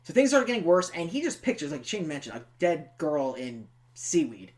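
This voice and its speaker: Animated, teasing male podcast co-host. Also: a little high, normal speed. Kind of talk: casual film review chat.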